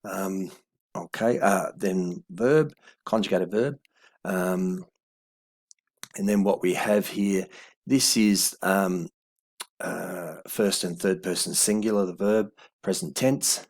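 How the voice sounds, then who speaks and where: A man giving a video lesson, explaining in a halting way with many fillers and corrections. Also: low voice, a little mellow. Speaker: language teacher.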